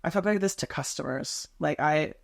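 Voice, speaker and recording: A young man from Tennessee chatting alone in his bedroom, rambling quickly and stumbling over his words. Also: fairly high pitch, vocal fry. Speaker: podcast host. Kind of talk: solo casual chat to camera.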